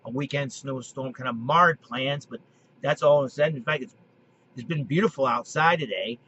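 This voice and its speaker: A man in his late thirties talks casually as a video host, rambling, restarting his sentences and clearing his throat. The recording is dull and lo-fi with a faint hiss behind him. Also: mid-range voice, moderate pace, sharp tone. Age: 30s. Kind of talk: casual monologue to camera. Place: basement.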